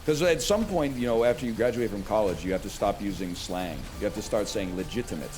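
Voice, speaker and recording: A man's voice: on the low side, animated, fast talker, few pauses, darkish tone, faint music behind. A man in his thirties, a streamer chatting casually and jokingly while he plays a video game, drifting from one tangent to the next. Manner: rambling, joking, wanders off on tangents.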